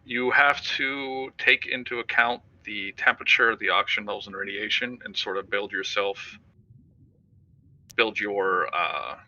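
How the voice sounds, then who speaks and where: Guy talking up a strategy game, low-ish voice but real bright and sharp, kinda muffled lo-fi mic. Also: steady tone, measured pace. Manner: enthusiastic, loose and chatty. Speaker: stream co-host. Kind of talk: casual game commentary.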